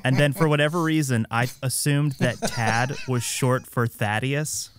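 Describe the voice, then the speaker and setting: A man's voice: medium pitch, fairly even intonation, a little slow, slight background noise. A man co-hosting a podcast, chatting enthusiastically. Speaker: podcast co-host. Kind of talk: casual chat.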